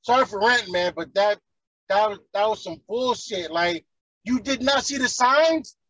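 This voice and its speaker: High-voiced man ranting profanely. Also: lively intonation, moderate pace, fairly bright tone, dry recording, muffled recording. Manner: heated, profane, preachy.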